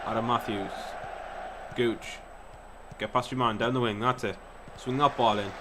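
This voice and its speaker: A young man giving casual, excitable play-by-play commentary on a football management game, swearing now and then. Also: mid-range voice, moderate pace, a little hiss or hum. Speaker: gaming YouTuber.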